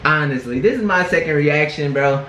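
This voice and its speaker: Bright-voiced young man in an echoey room. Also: a little high, moderate pace, a little hiss or hum. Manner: slangy and laid-back, sprinkling in "bro" and "bruh". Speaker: reaction video host. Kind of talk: casual reaction commentary. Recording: roomy echo with faint music. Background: faint music from the video being reacted to.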